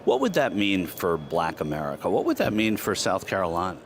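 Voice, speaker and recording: A male interviewer with a low voice that swings widely in pitch, asking probing questions at a rally. Faint outdoor noise sits behind him. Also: huge pitch swings, a little fast.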